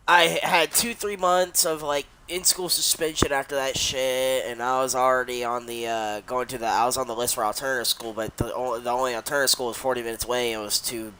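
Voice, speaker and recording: A man's voice: mid-range voice, sharp tone. A young adult man casually telling a long story while he streams a game, rambling and swearing, with many restarts.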